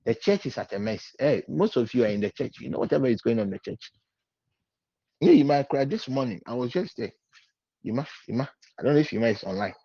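Quick and animated, a man delivers a sermon in a mid-range voice that is creaky, mellow and slightly rough, with no room sound. He mixes Twi into his English and repeats lines with mounting emphasis, all on a dull, lo-fi recording.

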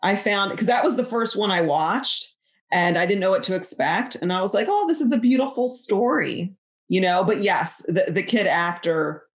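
A woman guest in casual podcast banter, joking with a deadpan, mock-earnest delivery. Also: lowish voice, normal speed.

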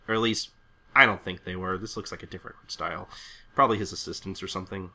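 Podcast guy recapping a manga, super bright voice, stammers a lot. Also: deep voice, quick pace. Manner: stammering, animated retelling with laughs. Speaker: podcast co-host. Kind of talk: casual comic recap chat.

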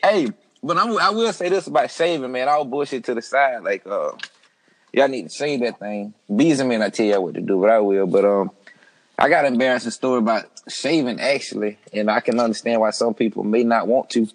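A man's voice: medium pitch, brisk, rough recording. A man hosting a casual, crude group chat, laid-back and joking, with lots of slang. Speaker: podcast host.

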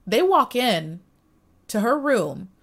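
A young adult woman hosting a podcast livestream, speaking in a chatty, emphatic monologue and acting out little scenes with sudden louder bursts. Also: a little high, big pitch swings, slow. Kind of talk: casual opinion monologue.

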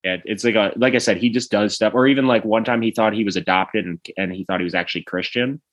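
A man co-hosting a podcast, chatting casually and retelling TV scenes with squeaky put-on voices. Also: fast, fairly bright tone. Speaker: podcast co-host. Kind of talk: casual chat.

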